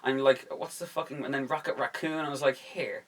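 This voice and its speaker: An excitable young man hosts a casual podcast chat. He swears freely and bursts into little acted-out bits of the scenes he describes. His pitch sits in an ordinary middle range for a man. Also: quick pace. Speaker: podcast host.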